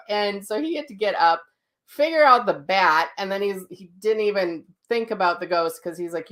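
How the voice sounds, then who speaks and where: A woman with a medium-pitched voice teaches a live online class as a psychic medium, speaking at normal speed into a livestream mic at home. She is chatty and animated, laughing while she tells stories and answering viewer comments. The sound sometimes cuts out.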